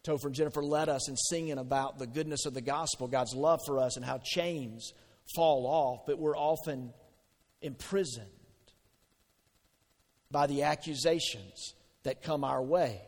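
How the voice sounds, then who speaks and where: A man preaching a sermon as pastor, conversational and animated, asking the congregation questions. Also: medium pitch, a little slow. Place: church sanctuary. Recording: long hall reverb.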